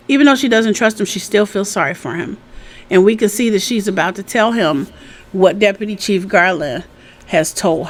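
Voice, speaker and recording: A woman giving a casual, chatty recap of a TV episode, retelling scenes in her own words. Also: mid-range voice. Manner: chatty, retells scenes with quoted dialogue, frequent "you know". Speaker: TV recap host.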